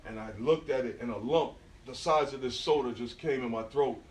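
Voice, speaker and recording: A middle-aged man with a New York accent giving a talk, telling lively stories in street slang and often checking in with the audience. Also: mid-range voice, brisk. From New York, USA. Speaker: guest speaker. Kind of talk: storytelling artist talk. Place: indoor talk venue with audience. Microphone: phone recording from across the room. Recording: echoey room, phone mic far off.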